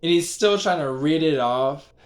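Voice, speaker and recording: A man's voice: fairly high pitch, normal speed. A young man casually retelling a strange dream, rambling with constant fillers and the odd swear word. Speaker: vlogger.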